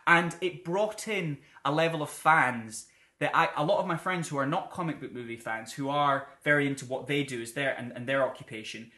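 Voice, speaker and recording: A man's voice: fairly high pitch, a little fast, bright, forceful tone, echoey room. A man co-hosting a podcast, chatting casually and rambling with frequent laughs. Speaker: podcast co-host. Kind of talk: casual chat.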